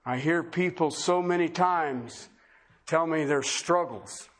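A man with a notably high voice delivers an impassioned sermon. He presses his listeners with repeated, emphatic questions, preaching with urgency to a gathered congregation. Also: slow pace. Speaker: pastor. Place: church service before a congregation.

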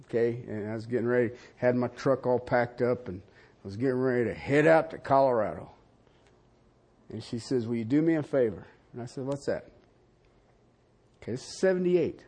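An older man preaching a sermon, animated and conversational, with frequent asides to the congregation. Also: normal speed, long pauses. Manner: animated preaching with wide swings in pitch and loudness, asides to the audience. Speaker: pastor.

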